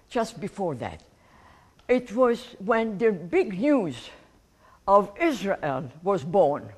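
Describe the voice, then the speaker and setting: Animated elderly woman. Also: fairly low pitch. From Egypt. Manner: warm and animated, laughing at her own story. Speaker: guest speaker. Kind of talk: personal life storytelling to an audience.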